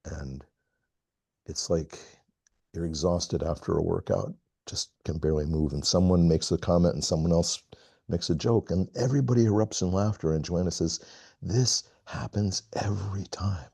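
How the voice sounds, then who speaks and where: A middle-aged man on a video call, telling a personal story in a halting, reflective way with many pauses. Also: sits low, gravelly, mellow, slightly rough, no echo. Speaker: call participant. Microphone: video call mic.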